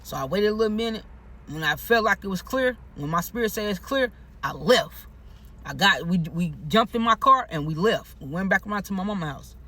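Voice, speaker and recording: A man's voice: sits high, fairly quick. A man telling a personal story in a casual monologue, with heavy profanity, slang and emphatic, repetitive phrasing. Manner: animated, emphatic retelling.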